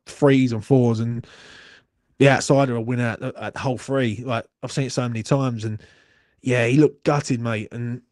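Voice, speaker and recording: A man's voice: mid-range voice, darkish tone, dry recording, studio quality. A young man hosting a live watchalong stream, chatting in a rambling, sweary, self-mocking way into his phone. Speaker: watchalong host. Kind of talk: casual live-stream chat.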